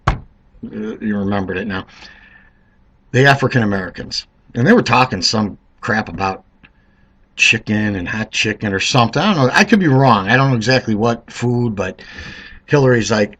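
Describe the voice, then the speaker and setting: A man of Italian heritage with a husky voice, rambling through a sarcastic political rant. His pitch swings widely as he jokes and addresses the listener directly. His tone is forceful and edgy. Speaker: political commentator. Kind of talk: vlog commentary monologue.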